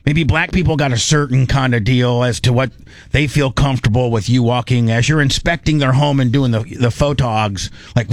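A man's voice: mid-range voice, no room sound. A man hosting a podcast in loose, rambling casual chat. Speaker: podcast host.

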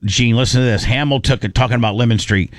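A man hosting a talk show, telling raunchy stories in a loose, animated way with lots of repeats. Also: mid-range voice, fast, noisy background. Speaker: radio show host. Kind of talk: casual storytelling chat.

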